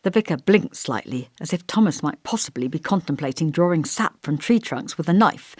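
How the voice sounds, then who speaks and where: Female audiobook narrator, low voice, measured and expressive, dry booth sound. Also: dry recording.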